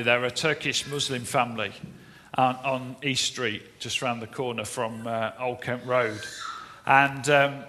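Bright-voiced preacher in echoing hall. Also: male voice, mid-range voice. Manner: anecdotal, conversational, with frequent fillers. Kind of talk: sermon storytelling. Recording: long reverberant hall.

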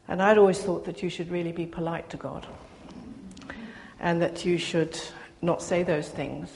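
A woman's voice: fairly low pitch, fairly even intonation, vocal fry, darkish tone. Older woman giving earnest testimony, hall echo. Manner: earnest, halting, with pauses and restarts. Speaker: speaker sharing testimony. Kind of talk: personal testimony talk. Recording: reverberant hall, faint background noise.

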